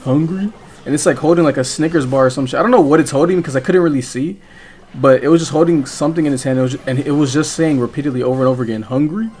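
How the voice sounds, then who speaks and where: A man's voice: on the high side, very fast, a little mellow. Rambling, foul-mouthed young man telling a story. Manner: rambling, profane, filler-heavy storytelling. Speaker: gaming vlogger. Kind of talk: casual storytime while playing a game.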